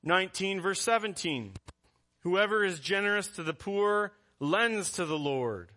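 A man's voice: high-pitched, lively intonation, measured pace, bright, forceful tone. A man preaching a conversational sermon as pastor, reading scripture aloud between asides.

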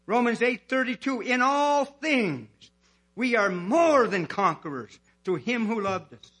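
A man preaching a fervent sermon, hollering with passion and slowing down to stress key words. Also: very high voice, lively intonation, fairly bright tone, soft background music.

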